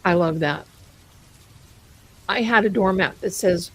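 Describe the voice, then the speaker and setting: A woman's voice: on the low side, lively intonation, unhurried, long pauses, slightly rough, poor audio. A woman hosting a live stream, chatting casually and rambling, amused by her own jokes and calling viewers her darlings. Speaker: livestream host.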